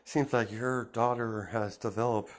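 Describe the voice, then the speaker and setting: A man voicing a calm male doctor who speaks formally, with hesitant fillers. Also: mid-range voice, unhurried, natural voice.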